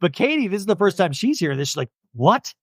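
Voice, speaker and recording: A man's voice: sits high, rapid-fire, no room sound, clean studio sound. A young adult man hosting a podcast, giving a casual, jokey recap of a TV episode and acting out quotes. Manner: animated, jokey, acts out quotes. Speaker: podcast host.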